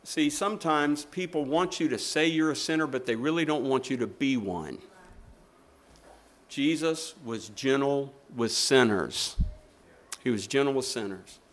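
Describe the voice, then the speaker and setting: A middle-aged or older male preacher giving a sermon. He tells stories with emphasis and repeats his phrases, moving between loud and hushed delivery. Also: medium pitch, unhurried.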